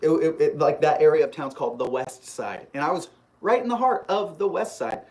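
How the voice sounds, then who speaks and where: Here a live stream host speaks at medium pitch and a fairly quick pace, spinning a long personal story casually and with many restarts. Animated and rambling, they also read out viewer comments and respond.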